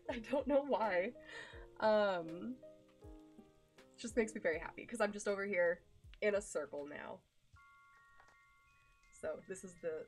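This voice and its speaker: A young woman streaming live, chatting casually with her viewers in a gushing, affectionate way, full of ums and likes. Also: medium pitch.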